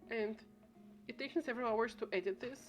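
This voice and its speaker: A woman's voice: on the high side, fairly quick, faint music behind. A woman streaming a game, chatting casually and thinking aloud with many restarts and trailing thoughts. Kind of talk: casual gameplay chat. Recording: steady background noise.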